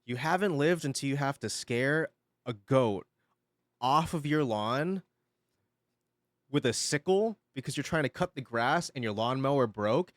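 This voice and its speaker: A man livestreaming and chatting casually with his viewers, telling an animated story while swearing freely and laughing often. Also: mid-range voice, unhurried, dry recording, studio quality. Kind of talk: casual stream chat.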